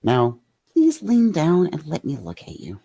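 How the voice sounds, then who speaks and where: A patient healer speaks in a gentle, measured way, as a woman puts him on. The voice is strikingly deep for her and close and dry. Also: huge pitch swings, gravelly, dry recording, exaggerated voice.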